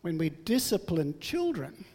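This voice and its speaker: A man's voice: sits high, huge pitch swings, unhurried, a little mellow, slightly rough, in a large hall. An older man giving a sermon, telling family stories in a humorous, self-deprecating way. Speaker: preacher.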